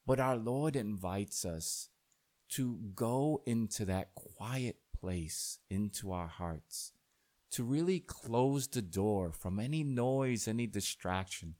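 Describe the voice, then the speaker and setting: A man preaching a sermon as a priest, speaking slowly and deliberately, building to dramatic rises when he tells a story. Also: on the low side, animated, dark tone.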